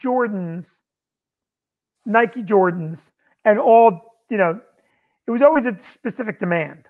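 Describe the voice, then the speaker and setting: A man with a high voice tells animated stories about running a comedy club, acting out the people in them. He comes through a thin, phone-like line. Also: a little slow. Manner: animated storyteller acting out quotes. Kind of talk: casual storytelling on a podcast.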